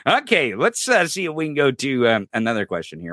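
A man's voice: medium pitch, a little fast, no echo, studio quality. A man hosting a political podcast, ranting casually with lots of profanity, rambling and stumbling over his words. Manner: profane, rambling, animated, laughs and stumbles often. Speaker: podcast host.

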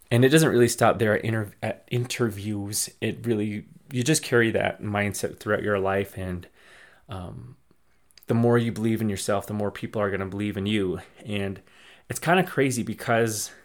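A young man hosting a podcast, giving casual, encouraging life advice with many fillers and restarts. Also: fairly low pitch. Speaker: podcast host. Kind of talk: casual motivational talk.

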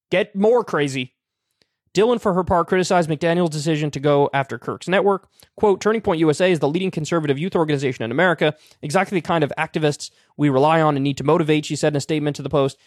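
A man with a somewhat high voice hosts a talk show, reading articles aloud and breaking off to mock them with blunt, profane sarcasm. The sound is dry and close, with no room around it. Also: no room sound. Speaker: political commentary show host.

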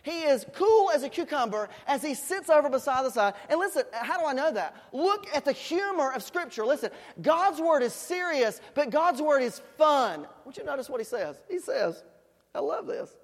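A preacher giving a sermon with playful, joking storytelling, swinging between loud shouts and quiet asides. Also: sits high, big pitch swings, moderate pace, long reverb tail.

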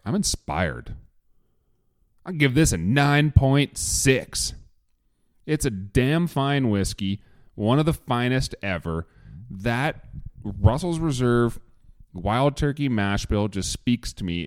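A man hosting a casual whiskey tasting podcast, enthusiastic and joking, with some cursing. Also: mid-range voice. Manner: enthusiastic, joking, swears freely. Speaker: podcast host.

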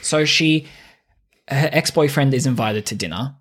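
A man's voice: mid-range voice, measured pace, a bit bright. Swearing man retelling a film. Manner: swearing, rambling retelling with quoted lines. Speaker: podcast co-host. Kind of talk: casual film chat.

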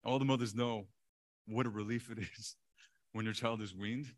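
A male pastor preaching a sermon in an animated way, chuckling often and repeating words for emphasis. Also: fairly low pitch, moderate pace, no echo.

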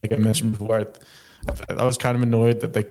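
A man's voice: fairly low pitch, little pitch movement, a little fast, darkish tone, a little hiss or hum. A young man co-hosting a review podcast, laid-back and matter-of-fact. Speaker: podcast co-host. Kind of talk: casual review chat.

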